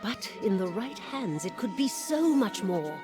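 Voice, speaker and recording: An actress voicing a weary, devoted female steward of a cursed keep, speaking in a measured, wistful, solemn way. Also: mid-range voice, big pitch swings. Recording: game dialogue over loud game music.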